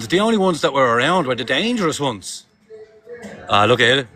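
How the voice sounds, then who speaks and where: A man's voice: medium pitch, sing-song, moderate pace, pushed and bright, faint music behind. An Irish man chatting casually on a live stream from city streets, reading viewer comments aloud and swearing freely.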